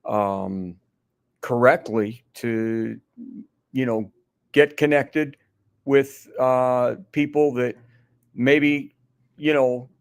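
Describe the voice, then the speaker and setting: A man's voice: medium pitch, fairly even intonation, very slow, pauses often, smooth, dry recording, studio quality. A middle-aged man as a guest on a sports radio show, chatting casually and rambling with many restarts and fillers.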